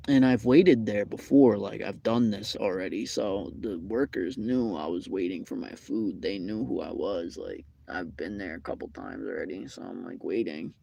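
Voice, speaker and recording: A young man chats on a live stream, telling a long, looping story full of fillers and repeats. His voice sits low and has a gravelly edge, and the tone is dark and mellow. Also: moderate pace, hardly any pauses, dry recording. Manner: rambling, repetitive storytelling with many fillers. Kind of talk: casual live-stream chat. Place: McDonald's restaurant.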